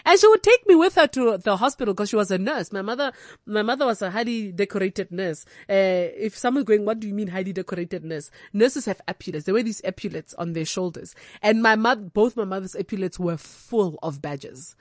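A young South African woman telling candid, comic stories from her own life, animated and unfiltered. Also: mid-range voice, brisk, no echo, studio quality. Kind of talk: comic personal storytelling.

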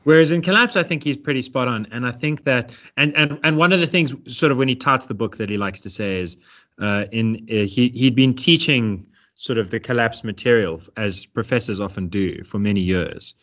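A man's voice: medium pitch, moderate pace, a bit bright. A man co-hosting a podcast, rambling and joking with stammering restarts. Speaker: podcast co-host. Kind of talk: casual political chat.

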